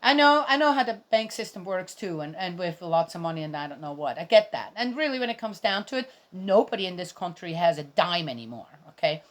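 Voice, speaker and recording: A woman's voice: on the low side, lively intonation, a little fast, hardly any pauses. A middle-aged woman giving casual, indignant commentary on a Bible reading, rambling and speaking straight to her viewers.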